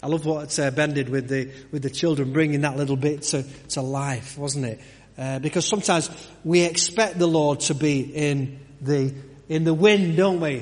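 A man preaches in a chatty way, often restarting sentences and asking his listeners questions. His voice sits fairly high for a man. It rings with the long reverb of a church hall. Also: darkish tone. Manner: conversational, with many restarts and rhetorical questions. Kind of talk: sermon.

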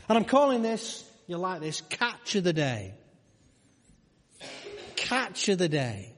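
With a long hall reverb ringing around him, a male pastor gives a sermon casually and conversationally, posing rhetorical questions to the audience. His voice sits a little high for a man.

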